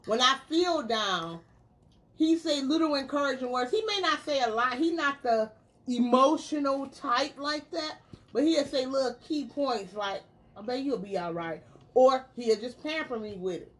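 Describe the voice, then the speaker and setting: High-voiced woman telling stories bluntly. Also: animated, measured pace, a bit bright. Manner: blunt, profane, storytelling with quoted voices. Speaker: podcast panelist. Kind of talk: casual chat.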